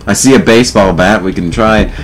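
A young man giving casual, profane gameplay commentary, sarcastic and prone to loud outbursts. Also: lowish voice, brisk, a little hiss or hum, rough recording. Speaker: let's play commentator.

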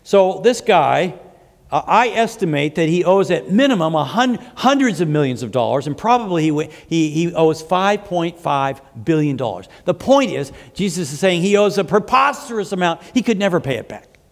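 A man preaching in a church, his voice pitched on the high side for a man as it carries through a hall with a long reverb tail. He works through scripture in a conversational way, pausing to restart phrases and add asides. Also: animated. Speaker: pastor. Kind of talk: sermon. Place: church sanctuary.

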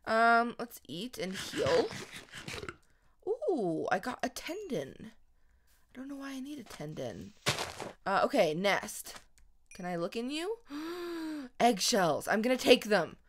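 A young woman giving chatty, excitable commentary on her own gameplay, gasping and squealing at surprises. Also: a little high, slow, noisy background. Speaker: gaming video host.

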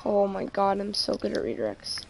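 A woman's voice: mid-range voice, big pitch swings, normal speed, creaky, darkish tone, faint music behind. A woman streaming a game live, chatting casually and joking, often trailing off mid-sentence.

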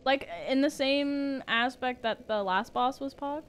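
A woman's voice: sits high, a little slow, slight background noise. Playful woman streamer with voice modifier. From Canada. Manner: playful, giggly, teasing. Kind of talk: casual gameplay commentary.

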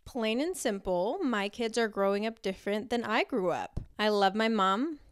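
Earnest woman with smooth, dry voice. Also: medium pitch, lively intonation, normal speed, dry recording. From Costa Rica. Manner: heartfelt, earnest, with small laughs. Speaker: podcast host. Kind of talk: personal faith talk.

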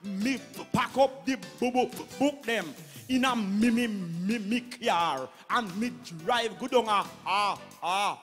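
A man's voice: high voice, slow, hardly any pauses, a bit bright, big-room sound, soft background music. A man voicing a proud, sly male Bible salesman with a Jamaican accent who stammers heavily in broad patois. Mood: boastful.

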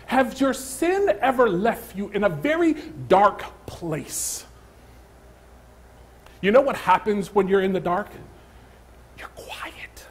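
A man preaching a sermon as pastor, swinging from hushed, near-whispered phrases to loud, emphatic calls. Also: high-pitched, creaky, slightly rough. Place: church sanctuary.

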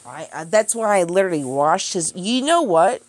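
Very animated despite a lowish voice, this young streamer rants at a moderate pace about the accusations against her. She curses, defends herself sarcastically and scoffs with laughter, recorded dry.

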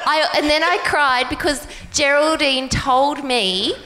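Slow-talking Australian woman comic. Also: sits high, bright, forceful tone, big-room sound. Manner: slow, emotional storytelling, laughing at herself. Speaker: comedian and podcast co-host. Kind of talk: casual comic chat before a live audience. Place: live show venue.

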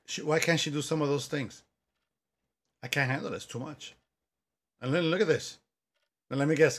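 A man's voice: medium pitch, moderate pace, pauses often, husky. A man giving joking commentary on a horror game, reacting aloud to scares and talking back to the story. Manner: jokey, talks back to the game, yelps at scares. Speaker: gaming commentator.

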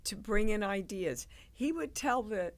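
Woman, interview guest, animated storyteller, gravelly, slow-paced. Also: medium pitch. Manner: animated, acts out quoted people.

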